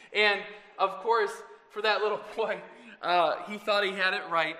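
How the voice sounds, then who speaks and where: Bright-voiced preaching man in a reverberant hall. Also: sits high, a little slow. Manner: earnest preaching, swelling loud on scripture, asides to the congregation. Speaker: pastor. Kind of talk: Mother's Day sermon.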